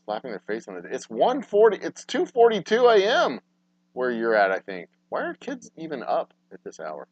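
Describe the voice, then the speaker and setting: A man hosting a loose livestream chat, his pitch leaping all over the place as he rants and curses. The sound is dry and close, with a dull, lo-fi edge. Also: wildly swooping pitch, normal speed, no room sound. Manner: profane, ranting, swings from mumbling to loud outbursts. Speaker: podcast host.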